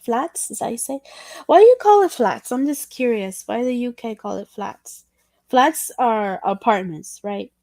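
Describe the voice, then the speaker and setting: A woman's voice: a little high, lively intonation, unhurried, mellow, no echo. A woman whose first language is Spanish, chatting casually on a livestream in a rambling, curious and apologetic way.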